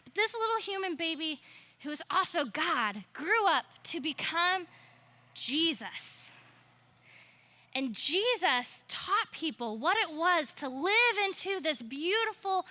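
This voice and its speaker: A woman's voice: high-pitched, pushed and bright. A woman in her thirties telling a story to a youth group, playful and chatty with jokey asides. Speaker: youth ministry speaker. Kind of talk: storytelling talk with flannel graph.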